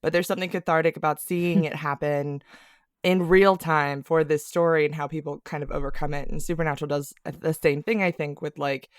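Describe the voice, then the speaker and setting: A woman's voice: deep voice, fairly even intonation, fairly quick, hardly any pauses, no echo, clean studio sound. A woman guest from California chatting on a podcast, laughing easily and rambling with fillers. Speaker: guest TV writer. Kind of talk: casual podcast chat. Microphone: remote mic.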